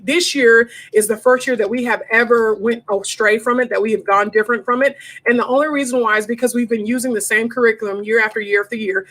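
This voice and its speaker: This homeschool livestream host, a woman, sits at her desk at home taking questions live, chatting in a frank, casual way and calling everyone y'all. Her voice sits on the high side and sounds a bit bright.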